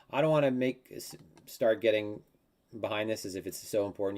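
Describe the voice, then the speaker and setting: A man's voice: on the low side, a little mellow. A man in his thirties talking casually through market charts on a live stream, rambling a little and acting out mock quotes. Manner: rambling and conversational, with many fillers and mock quotes. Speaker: crypto market analyst.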